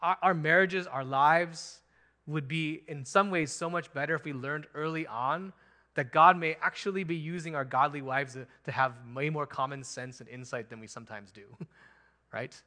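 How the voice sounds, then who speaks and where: A man preaching a sermon as pastor, animated and emphatic, chuckling now and then. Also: a little high, normal speed.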